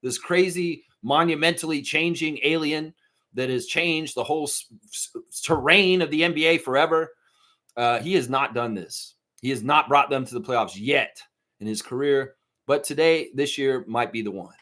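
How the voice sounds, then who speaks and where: A man with a voice on the high side speaks at a moderate pace while hosting a live stream. He's animated, chatting casually, reading and answering viewer chat, and erupting into mocking impressions and shouts.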